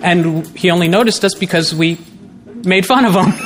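Man, podcast guest, slightly high voice, rambling jokes, stammering restarts. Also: wildly swooping pitch, normal speed, heavy background noise. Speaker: podcast guest, co-host of his own show. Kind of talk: casual chat.

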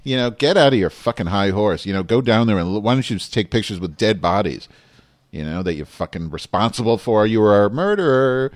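A man's voice: lowish voice, lively intonation, a little fast, no echo. A man ranting furiously about politics in a profane, rambling way, often correcting himself mid-sentence. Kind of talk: angry profane political rant.

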